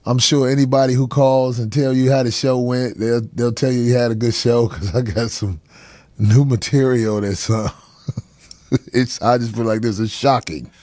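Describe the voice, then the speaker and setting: A man's voice: mid-range voice, fairly even intonation, normal speed, a little mellow, dry recording. A middle-aged man hosting a talk show as a comedian, telling stories casually with a lot of profanity and frequent laughter. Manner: profane, laughing, chuckles mid-story; drops into character voices for quoted people. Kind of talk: casual storytelling chat.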